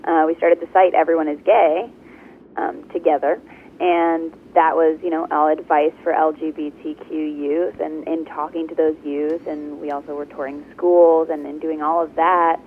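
A woman's voice: low voice, a little hiss or hum. Woman on a tinny phone line. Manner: chatty, with fillers. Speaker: book author and interview guest. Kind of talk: interview answers.

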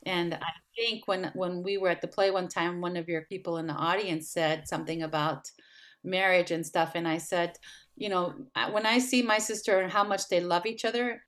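A middle-aged woman telling a heartfelt personal story as a guest in a conversation, acting out quoted dialogue with animation. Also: on the low side. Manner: earnest, heartfelt, animated when retelling dialogue.

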